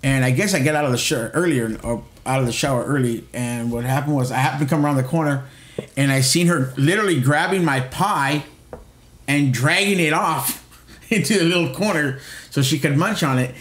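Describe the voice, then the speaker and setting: Middle-aged male podcast co-host, rambling and profane storyteller, slightly higher voice, echoey room. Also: a little fast, a bit bright. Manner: rambling storyteller, frequent restarts and swearing. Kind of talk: casual chat.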